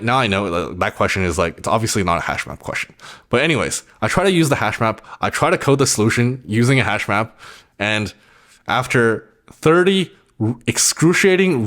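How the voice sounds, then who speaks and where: A man's voice: lowish voice, fairly bright tone. A young man casually telling a personal story on his vlog, rambling and filling nearly every phrase with "like". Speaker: vlogger.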